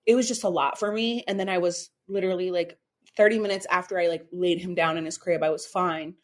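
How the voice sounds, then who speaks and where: A woman in her thirties co-hosting a podcast, talking openly and haltingly about her feelings and close to tears. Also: fairly low pitch, fairly even intonation. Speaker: podcast co-host. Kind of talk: candid emotional podcast chat.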